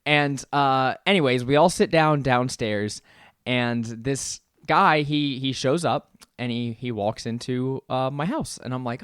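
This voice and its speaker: A young man co-hosting a podcast, telling a story in casual chat, lively and laughing often as he acts out what people said. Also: medium pitch, a little slow, clean tone, dry recording, clean studio sound. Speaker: podcast co-host.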